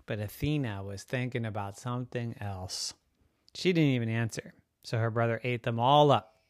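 A storyteller narrating a children's story with a gentle, expressive delivery. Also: mid-range voice, moderate pace, dry recording, studio quality.

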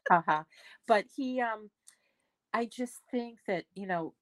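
Older woman guest, chatty stories that restart a lot, middle pitch, dry sound. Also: takes it slowly, no echo. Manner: rambling, with frequent restarts. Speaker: podcast guest. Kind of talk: conversational storytelling.

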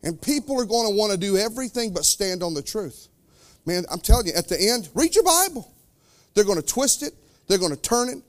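A pastor preaches a sermon in a high, sing-song voice. His fervent delivery swings between loud declarations and quiet, slowed-down asides.

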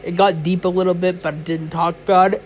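A young man with a high voice rambles on his own podcast, tired and yawning in the small hours. He fills his talk with "um" and "like." A faint hiss of noise sits behind him. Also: little pitch movement, fast. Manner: rambling and chatty, many fillers. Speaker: podcast host. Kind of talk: casual solo podcast chat. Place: indoors, lying in bed.

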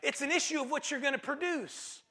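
A man's voice: very high-pitched, brisk, bright, forceful tone. A man preaching a sermon as pastor, emphatic, repeating phrases for stress and calling out to the congregation. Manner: calls to the congregation.

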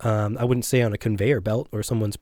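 A man's voice: lowish voice, level tone, a little fast, darkish tone, no room sound, studio quality. A young adult man hosting his own show, ranting sarcastically, swearing a lot and rambling off topic. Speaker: host of a one-man rant show. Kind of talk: profane ranting monologue.

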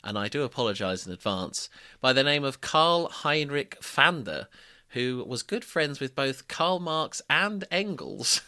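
A man's voice: mid-range voice, very animated, a little slow, pushed and bright. A man co-hosting a podcast, telling anecdotes in a joking, chatty way and laughing often. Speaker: podcast co-host. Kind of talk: casual chat.

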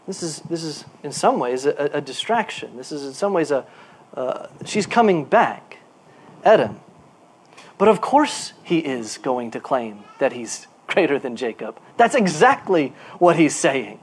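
A male pastor preaching a sermon. His delivery is animated, moving from quiet asides to emphatic bursts, and he repeats words while he looks for a phrase. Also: a little high, measured pace, slightly rough.

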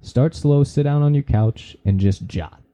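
This podcast host speaks in a warm, mid-range voice at an unhurried pace. He delivers a relaxed but preachy motivational talk, sprinkled with folksy slang and now and then a curse.

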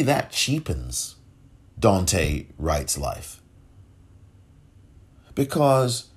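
A man's voice: mid-range voice, husky. A man hosting a solo podcast commentary, impassioned and rhetorical, repeating phrases for emphasis and rising into pointed questions. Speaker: podcast host.

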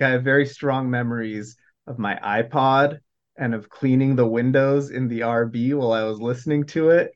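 Mid-pitched male panelist, loose and rambling, on a dull low-fi recording. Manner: rambling, lots of "like" and "um". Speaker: podcast panelist. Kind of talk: casual chat.

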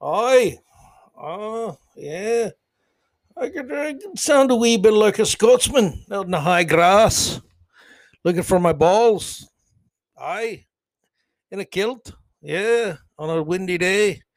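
A man hamming up a bawdy, boastful Scotsman in a kilt with a thick put-on Scottish brogue. The voice rides higher than usual, and the recording is dry and close. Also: animated, takes it slowly, long pauses, no room sound, full character voice. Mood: hammy. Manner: hammy, bawdy, teasing.

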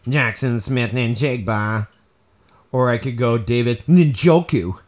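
A man with a nasal, mid-pitched voice, chatting casually on a podcast during a fantasy football draft. He keeps up a joking, teasing tone. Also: slow. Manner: teasing, jokey. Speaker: podcast co-host.

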